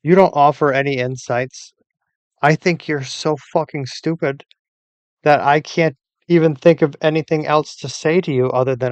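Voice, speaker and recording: A man's voice: fairly high pitch, steady tone, normal speed, clear, resonant tone, no room sound, highs cut off. Furious, profane man on a dry mic. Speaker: user arguing with an AI assistant. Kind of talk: angry rant.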